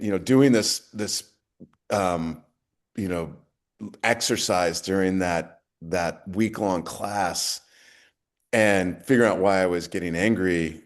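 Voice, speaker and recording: Middle-aged male podcast guest, lowish pitch, earnest reflective storyteller. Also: fairly even intonation, a little slow. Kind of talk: casual interview talk.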